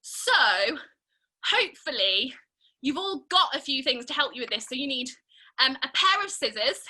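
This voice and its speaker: A young woman guides children through an online craft session, her voice high and very bright. She talks slowly and warmly encourages every step, her pitch swinging up and down with playful energy. Faint music plays somewhere behind her on the call. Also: low-quality recording. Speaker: theatre maker leading a family workshop. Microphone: video call.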